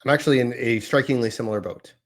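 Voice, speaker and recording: A man's voice: medium pitch, rapid-fire. A man in his thirties hosting a casual podcast, talking in a chatty, rambling, self-deprecating way. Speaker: podcast host.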